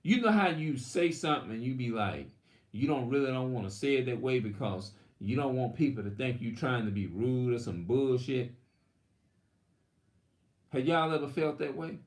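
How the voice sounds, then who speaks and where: A man's voice: medium pitch, lively intonation, normal speed, reverberant. A man preaching in a rambling, heated, profane monologue. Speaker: religious video host.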